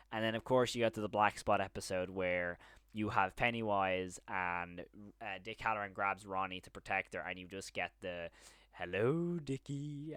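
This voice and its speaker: An excitable man talks through a horror series in a loose, rambling way and acts out lines as he goes. His voice sits fairly low. The sound is dry and close, with no room behind it. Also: clean tone, dry recording. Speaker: show reviewer. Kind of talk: casual video review.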